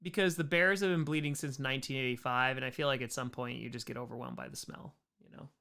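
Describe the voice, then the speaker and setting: Gravelly-voiced man rambling through a livestream Q&A. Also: mid-range voice, fairly even intonation, quick pace, sharp tone. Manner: rambling, jokey, reads viewer questions aloud. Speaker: host. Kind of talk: casual livestream Q&A chat.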